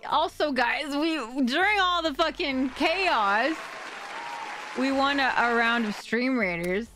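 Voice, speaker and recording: A young adult woman live-streaming, chatting excitedly with her viewers, thanking donors, swearing and laughing. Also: a little high, takes it slowly, some chatter behind. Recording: faint music behind.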